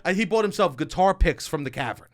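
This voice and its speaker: Animated young man telling rowdy stories. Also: fairly high pitch, fast talker. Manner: animated storytelling, swearing, mock shouting. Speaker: podcast co-host. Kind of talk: casual chat.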